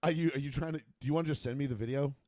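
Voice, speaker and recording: A man co-hosting a casual sports talk show, rambling and profane, restarting sentences and getting animated as he makes a point. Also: fairly high pitch, racing, dry recording. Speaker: podcast co-host.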